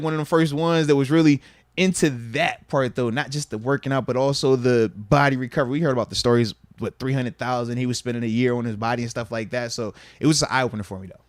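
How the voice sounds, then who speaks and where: A man in his thirties, a former football player hosting a podcast, telling stories in casual chat and acting out the quoted dialogue with big jumps in pitch and loudness. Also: no room sound.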